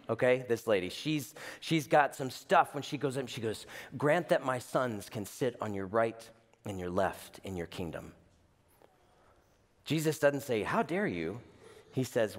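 A man preaching a sermon as a pastor, animated, with playful asides and voiced quotes. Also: medium pitch, long reverb tail.

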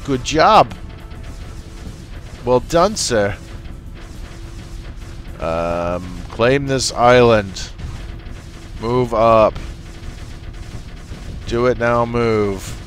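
A man's voice: medium pitch, lively intonation, extremely slow, pauses often. A man casually commenting on his strategy game, bossing his units around and joking with them. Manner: goofy, talks to his units. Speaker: gameplay commentator. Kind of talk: casual let's play commentary. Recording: faint game music and artillery behind.

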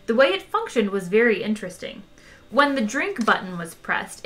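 A woman reading a novel aloud, expressive and unhurried. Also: medium pitch. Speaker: audiobook reader. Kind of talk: storybook narration.

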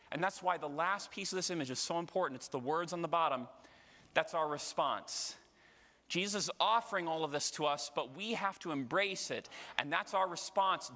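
A high, bright-voiced male priest preaching with rising passion. His voice rings out with long reverb through a big church, and his intensity climbs until he is nearly shouting. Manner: impassioned, builds to shouting. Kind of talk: sermon. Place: large church.

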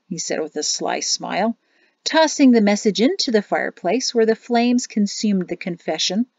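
A woman reads a storybook aloud at home, her narration plain and steady. The recording is dull and lo-fi, and close and dry from a small closet. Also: medium pitch, normal speed, dry recording. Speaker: teacher reading an audiobook.

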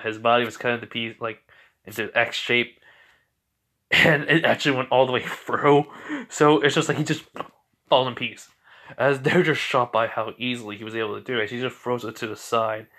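A man's voice: mid-range voice, pushed and bright. A man casually retelling a fan story, rambling and correcting himself as he goes.

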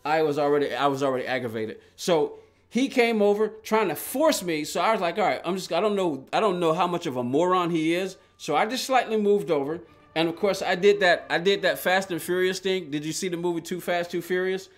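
A man live-streams a racing game, telling a rambling story with many restarts while reading and answering his chat aloud. He grows agitated as he recounts it, speaking briskly in a high voice.

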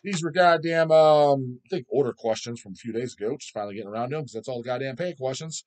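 A man's voice: mid-range voice, fast, darkish tone. A man hosting his own channel, answering viewer questions in a blunt, crude, constantly swearing rant. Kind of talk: profane casual rant.

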